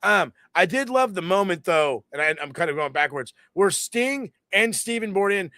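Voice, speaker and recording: A man with a fairly high voice rattles through a wrestling recap, swearing freely and acting out quotes with mock voices. The sound is dry and close, with no room around it. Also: normal speed, no room sound. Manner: profane, animated storytelling with mocking quoted voices. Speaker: podcast co-host. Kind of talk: casual wrestling review chat.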